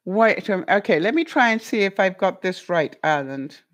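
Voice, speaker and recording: A middle-aged woman chatting on her livestream, musing aloud with plenty of ums and questions for her viewers. Her pitch is mid-range, her delivery animated and conversational. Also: moderate pace. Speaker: vlogger reading viewer comments. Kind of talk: casual livestream chat.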